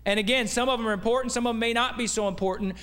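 High-voiced man preaching a folksy sermon. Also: steady tone, very fast, fairly bright tone, long reverb tail. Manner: folksy, conversational preaching with rhetorical questions. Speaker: guest preacher. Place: church sanctuary.

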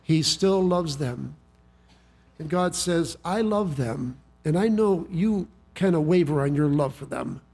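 A man's voice: a little high, expressive, measured pace, creaky, darkish tone, husky. A man preaching a sermon, telling a story in a folksy way with frequent restarts and repeated words. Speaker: pastor.

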